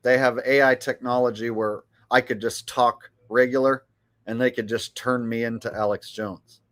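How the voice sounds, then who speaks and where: A man's voice: on the low side, a bit bright. A middle-aged man giving rambling, mocking commentary on his live stream. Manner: rambling, mocking, with filler words.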